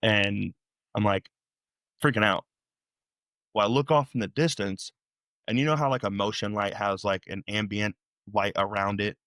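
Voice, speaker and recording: A young man recounts his story as a podcast guest. His voice sits low and sounds dry and close to the mic. He talks in an animated, rambling way, often doubling back and restarting his sentences. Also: moderate pace, pauses often, no echo. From Illinois, USA. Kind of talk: storytelling interview.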